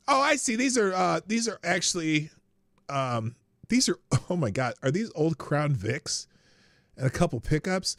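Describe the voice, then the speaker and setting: A man's voice: high-pitched, very animated, moderate pace, fairly bright tone, no echo, studio quality. A man hosting a live stream, chatting casually and rambling, with frequent laughs and restarts. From United States. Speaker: livestream show host.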